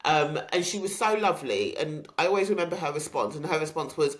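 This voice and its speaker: A woman, hosting a podcast and candidly recounting a personal story with many pauses and ums. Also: sits low, animated. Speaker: podcast host.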